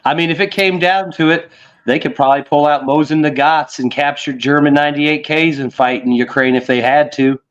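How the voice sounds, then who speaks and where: A man's voice: a little high, fairly even intonation, brisk. A man in casual political chat, talking in a loose, rambling way with frequent fillers and casual swearing. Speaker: podcast co-host. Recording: slightly dull lo-fi audio.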